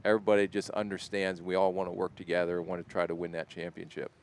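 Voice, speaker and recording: A middle-aged man with an Ohio accent, a football executive speaking as a guest in a radio interview, relaxed and self-deprecating. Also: sits low, quick pace, a little hiss or hum. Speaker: NFL general manager guest.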